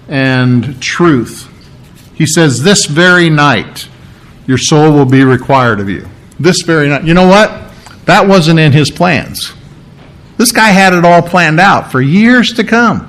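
Heard on a rough recording, a man with a fairly bright voice on the high side preaches from the Bible. He earnestly explains the scripture word by word, teacher-style, and keeps repeating key phrases to stress them.

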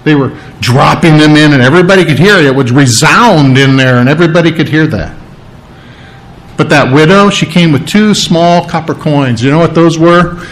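A man's voice: fairly high pitch, normal speed, low-quality recording. Chatty male preacher. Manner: chatty, mimics coin sounds, checks in with the listeners. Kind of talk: conversational sermon.

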